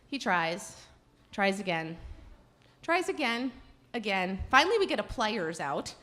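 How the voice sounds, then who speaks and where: A woman telling a self-deprecating personal story on stage at a live storytelling event, animated and self-mocking. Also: medium pitch, unhurried.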